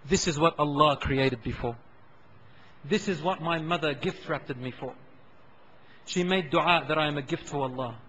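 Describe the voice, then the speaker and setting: A male preacher voicing a dying young warrior who speaks softly and tenderly to his uncle. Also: a little high, lively intonation, moderate pace, a little hiss or hum, pitched below the performer's own voice, low-quality recording. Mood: tender, calm. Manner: soft, hushed, tender.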